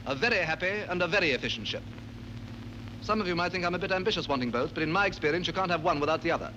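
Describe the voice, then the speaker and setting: An actor playing a naval captain addressing his crew in measured, commanding speech, from a dull, noisy old film clip. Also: fairly high pitch, expressive, natural voice. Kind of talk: film dialogue.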